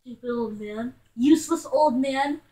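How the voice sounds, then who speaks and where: A woman improvising a silly game role-play, teasing and bickering with bursts of yelling. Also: high-pitched, a little slow, roomy sound, low-quality recording.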